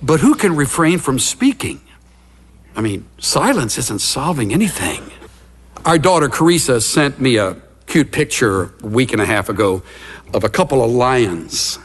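A man's voice: mid-range voice, very animated, moderate pace, breathy edge. A middle-aged man preaching a conversational sermon as a pastor, telling stories and acting out little scenes with gasps and asides. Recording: long reverb of a large hall.

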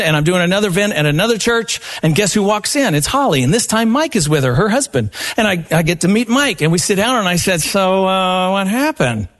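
Man, high voice, earnest live event talk, storytelling. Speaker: seminar speaker. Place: live event before an audience.

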